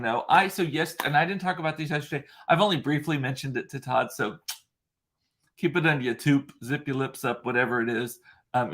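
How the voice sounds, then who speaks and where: A man's voice: a little high, fairly bright tone. A man hosting a casual solo chat show, talking in a chatty, rambling way with frequent fillers. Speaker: host.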